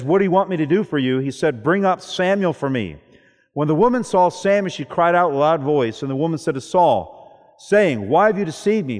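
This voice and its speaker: Preaching man in a reverberant hall. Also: on the high side. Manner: asks the congregation questions and answers them. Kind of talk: sermon.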